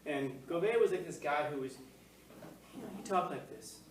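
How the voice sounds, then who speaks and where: A man's voice: fairly high pitch, expressive, normal speed. A male teacher giving a casual, joking classroom lecture, full of fillers and questions to the class. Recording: echoey classroom, mic far off, faint noise.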